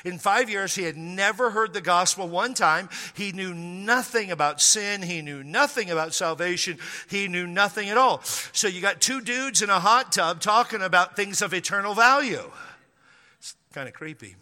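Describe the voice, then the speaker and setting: A man's voice: high-pitched, normal speed, few pauses, pushed and bright. A man in his fifties, a pastor telling a rambling, conversational story to his congregation, with frequent restarts and playful asides. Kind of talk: storytelling sermon. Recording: long hall reverb.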